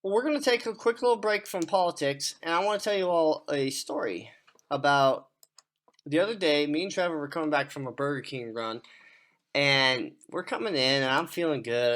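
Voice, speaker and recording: A man's voice: mid-range voice, fairly bright tone. A man co-hosting a podcast, chatting casually, swearing often and telling rambling stories. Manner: profane, rambling storyteller; acts out voices in his stories. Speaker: podcast co-host.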